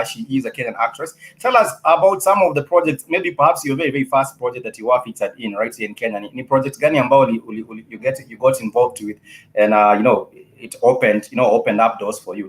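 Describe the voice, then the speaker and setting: A man hosting a studio interview show, rambling through questions with many fillers. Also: medium pitch. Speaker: talk show host.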